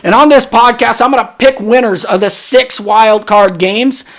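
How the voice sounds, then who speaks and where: Brash high-voiced sports podcast host, a man. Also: moderate pace. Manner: brash, trash-talking, hyped. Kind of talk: solo sports podcast monologue.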